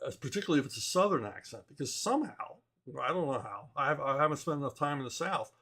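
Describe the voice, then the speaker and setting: A man's voice: fairly high pitch, fairly bright tone. A man who writes comic books, chatting casually and answering viewer questions in a rambling, blunt and wry way, chuckling often. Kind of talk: casual opinionated chat.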